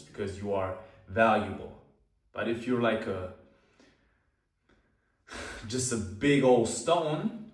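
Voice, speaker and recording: A man hosting a self-improvement video, talking slowly and calmly with deliberate pauses. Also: on the low side, echoey room, recorded from a distance. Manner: slow, calm, pausing deliberately. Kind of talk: slow deliberate talk to camera.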